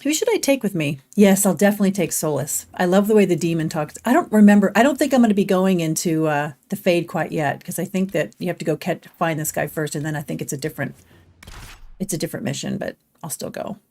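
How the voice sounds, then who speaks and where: A woman's voice: fairly low pitch, fast, mellow. A middle-aged woman chatting casually while streaming a game, laughing often and reading chat aloud. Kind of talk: casual gameplay livestream chat.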